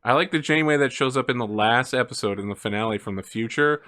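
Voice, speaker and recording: Man, mid pitch, bright edge, emphatic and profane, casual gamer banter. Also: quick pace. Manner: emphatic, swears freely, fan talk. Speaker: tabletop game player. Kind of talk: casual chat among players.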